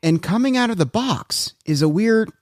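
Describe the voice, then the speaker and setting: A man co-hosting a podcast, recapping a documentary in casual chat with animated storytelling. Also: high-pitched, moderate pace, no echo, clean studio sound. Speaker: podcast co-host.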